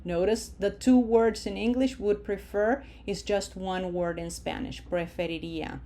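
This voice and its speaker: A woman teaching a language lesson, stretching out example words slowly and talking in a patient, explaining way. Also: medium pitch, steady tone, dark tone, slight background noise. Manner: slow, drawn-out modeling of words, then quick asides.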